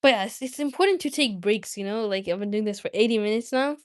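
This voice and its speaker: A woman's voice: a little high, quick pace, no echo, clean studio sound. A woman hosting a livestream, talking casually and giggling as she chats straight to her viewers. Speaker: livestream host.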